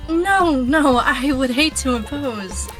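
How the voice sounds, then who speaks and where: A woman's voice: high-pitched, animated, takes it slowly, music in the background, pitched above the performer's own voice. A woman reading a polite young woman investigator. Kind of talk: reading game dialogue aloud.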